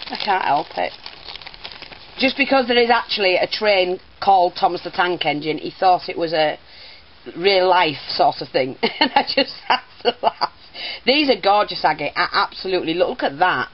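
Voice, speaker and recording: A woman's voice: lowish voice, muffled recording. Giggly older woman. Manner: chatty, keeps breaking into giggles. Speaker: teacher and crafter. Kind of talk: casual craft unboxing vlog.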